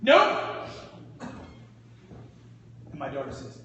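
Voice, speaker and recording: A man in his fifties telling a story to a live audience as a motivational speaker, loud, brash and profane, often laughing. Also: high voice, animated, moderate pace, lo-fi sound, a little hiss or hum. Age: 50s. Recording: echoey hall picked up from far off.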